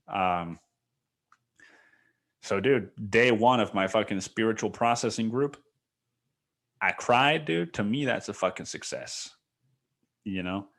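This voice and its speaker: Podcast host, young adult man, lower voice, loose and confessional, casual swearing. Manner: rambling and candid, says "dude" and "man" often, swears casually. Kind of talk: casual solo podcast monologue.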